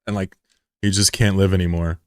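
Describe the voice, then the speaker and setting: A man's voice: low-pitched, little pitch movement, a little fast, a little mellow, clear, resonant tone, no room sound, clean studio sound. A young man streaming and chatting casually with viewers, joking and swearing loosely as he talks. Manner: loose, profane, joking banter. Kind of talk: casual live-stream chat.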